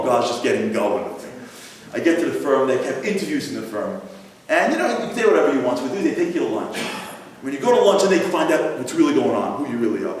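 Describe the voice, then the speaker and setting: A man telling a humorous personal story live to an audience, with animated comic timing and chatty asides. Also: mid-range voice, slight background noise. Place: large synagogue hall. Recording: echoey hall from far off, faint ambience.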